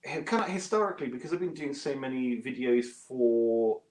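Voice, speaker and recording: A British man, a guest bass player, chatting self-deprecatingly from his home studio over a video call. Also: fairly quick. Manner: chatty and self-deprecating, with lively pitch jumps. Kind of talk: casual interview chat. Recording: roomy echo.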